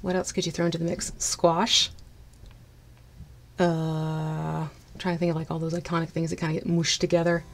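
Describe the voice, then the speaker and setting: A woman with a somewhat low voice chats through a casual live stream as she paints miniatures. She greets viewers brightly, laughs often and chats freely. A faint hiss sits under her voice. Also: flat delivery, normal speed.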